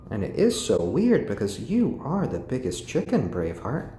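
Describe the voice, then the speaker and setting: A man hosting a casual home live stream, gently cooing to his pet chickens and chatting with viewers. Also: mid-range voice, wildly swooping pitch, moderate pace, few pauses, roomy sound, a little hiss or hum. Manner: chatty, answers viewers' comments.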